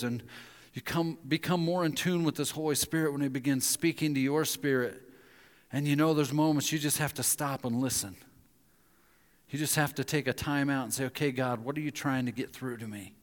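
Animated male pastor in a reverberant hall. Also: medium pitch. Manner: animated storyteller acting out quoted voices. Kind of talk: sermon with storytelling.

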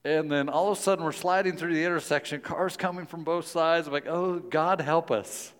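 A man preaching a sermon, telling stories in a lively, playful way and turning earnest and quiet in prayer. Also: fairly high pitch, quick pace, clean tone, in a large hall. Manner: storytelling, playful, then hushed and earnest in prayer. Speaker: pastor.

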